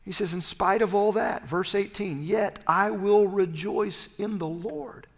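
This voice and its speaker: A male pastor preaching a sermon, swinging between loud, emphatic peaks and hushed, low phrases. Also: unhurried, long reverb tail.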